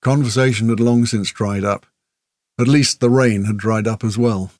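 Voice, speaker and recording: A man reading fantasy audiobook narration in a steady, measured storytelling manner. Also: on the low side, no room sound, clean studio sound.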